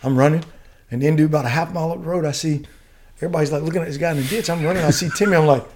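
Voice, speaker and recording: Fast-talking, profane army veteran man. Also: a little high, a little hiss or hum. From United States. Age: middle-aged. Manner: profane, slangy, animated storyteller. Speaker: podcast guest, retired soldier. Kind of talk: casual storytelling.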